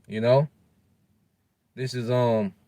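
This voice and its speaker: A man's voice: medium pitch, steady tone, dark tone, no echo. Man preaching casually in a dry voice. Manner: ends nearly every phrase with "man"; loose street slang, halting while looking up verses. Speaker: religious teacher. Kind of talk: informal scripture lesson.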